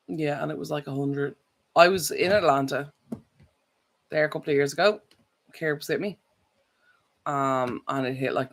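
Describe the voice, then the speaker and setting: A woman chatting casually on a live stream, rambling and correcting herself as she goes. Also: rumbling low. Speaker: vlogger.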